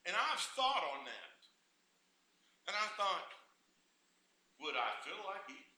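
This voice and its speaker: A man preaching a sermon, moving from quiet musing to loud, fervent preaching. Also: high voice, sing-song, a little slow, roomy sound.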